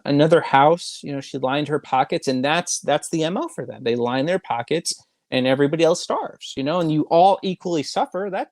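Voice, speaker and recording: Opinionated podcast host, dry sound. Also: male voice, on the high side, fairly quick, darkish tone, no room sound. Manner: opinionated, filler-heavy. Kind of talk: casual podcast chat.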